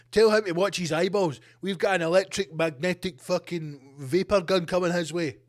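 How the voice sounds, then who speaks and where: A man's voice: sits high, steady tone, moderate pace. A middle-aged man hosting a solo podcast, ranting in a sweary, sarcastic way. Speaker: podcast host.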